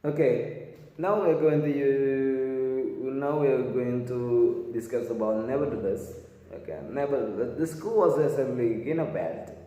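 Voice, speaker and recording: Slow, halting male teacher in echoey room. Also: mid-range voice, mellow. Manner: halting, many restarts and fillers, repeats phrases. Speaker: English teacher. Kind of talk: grammar lesson explaining examples. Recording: echoey room with long reverb.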